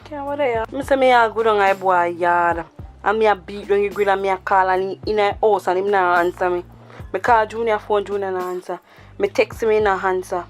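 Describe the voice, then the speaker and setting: A worried Jamaican girlfriend pours out her fears in pleading patois, as a woman plays her. Her voice sits in an even middle range. Soft music plays behind her. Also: mid-range voice, brisk, close to an everyday voice. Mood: distressed. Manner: pleading, emotional. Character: distressed young woman fearing her boyfriend's cheating. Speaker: actor. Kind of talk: Jamaican patois movie acting.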